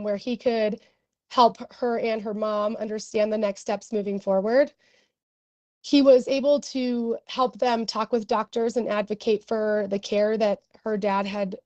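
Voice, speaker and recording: Earnest young woman testifying, pausing often. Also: on the high side, fairly even intonation, mellow, no echo, dull audio. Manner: earnest, emotional, many pauses and ums. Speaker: doctor testifying as a witness. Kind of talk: testimony at a hearing.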